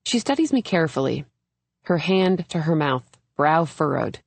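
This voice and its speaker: A young adult woman reading a first-person thriller audiobook in a measured, even storytelling manner. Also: low voice, gravelly, no echo. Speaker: audiobook narrator. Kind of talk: scripted first-person narration.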